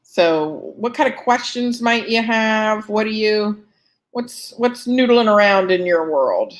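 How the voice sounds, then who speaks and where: A woman's voice: mid-range voice, animated, slow. A woman hosting a live fundraising Q&A, chatting casually with many ums and self-deprecating asides, yawning and a bit short of breath. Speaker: host answering fundraising questions. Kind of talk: live Q&A chat.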